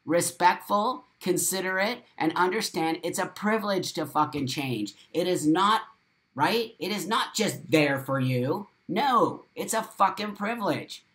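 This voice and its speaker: A middle-aged man hosting a live morning video show delivers a blunt, profane, preachy monologue, repeating phrases for emphasis. His voice is high and a bit bright, with lively intonation and a measured pace.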